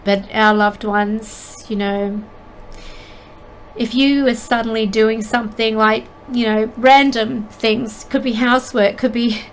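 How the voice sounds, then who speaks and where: A middle-aged woman, a spiritual medium, telling a personal story in an earnest, halting and emotional way. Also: on the high side, a little hiss or hum, low-quality recording. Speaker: spiritual medium and channel host.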